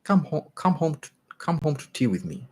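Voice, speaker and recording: A man voicing a wealthy, impulsive young woman as he reads a short story aloud, with an eager, breathy, pleading way of talking. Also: a little high, sing-song, moderate pace, a little mellow, a little hiss or hum, voice pushed up.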